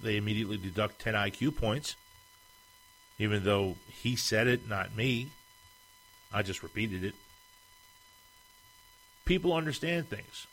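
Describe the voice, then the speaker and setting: A man's voice: fairly low pitch, fairly bright tone, poor audio. A man hosting an opinion monologue, speaking emphatically and firing off rhetorical questions.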